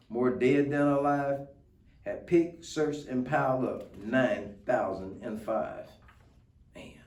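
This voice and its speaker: A man, a guest reader, reading a picture book aloud in an unhurried, expressive way. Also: mid-range voice. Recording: roomy, distant mic.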